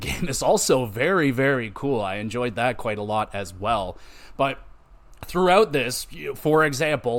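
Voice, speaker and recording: A man at a middle pitch talks through a video game on his podcast, rambling and loose. He swears freely and slips into quick impressions of the characters as he recaps. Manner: profane, rambling, animated retelling with quick impressions. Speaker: podcast host. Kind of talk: casual game podcast monologue.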